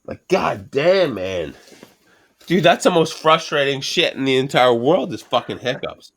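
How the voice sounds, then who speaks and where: Very animated and fairly bright in tone, this man's mid-range voice moves at a moderate pace. He's a middle-aged podcast host whose casual banter rambles along, full of constant swearing.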